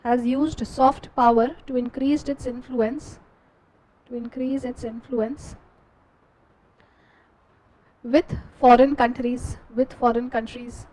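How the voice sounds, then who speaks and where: High-pitched indian lady teacher, dictating notes slow, says every phrase twice. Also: little pitch movement, darkish tone, low-quality recording. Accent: Indian English.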